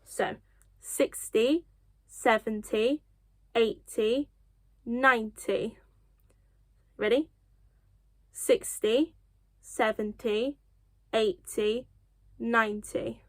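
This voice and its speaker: Casting: young woman from the UK, kids' sign language teacher, unhurried and encouraging, slightly high voice, dry close sound. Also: no room sound. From United Kingdom. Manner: encouraging, self-deprecating, gentle laughs. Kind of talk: children's lesson, slow counting.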